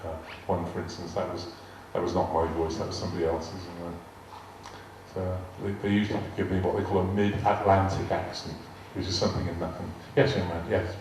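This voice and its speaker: A man's voice: low voice, level tone, brisk, a little mellow. A man in his later years with a West Country accent, telling amused anecdotes as a guest speaker to a live audience. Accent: West Country English. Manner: chatty, amused storyteller. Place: large arts hall. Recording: echoey hall, distant mic, faint hiss.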